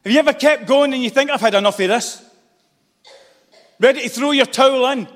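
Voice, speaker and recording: Guy preaching hard, really high voice, big long reverb like a church hall. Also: a little fast, a bit bright. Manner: fervent preaching with repeated calls and exclamations. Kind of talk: sermon.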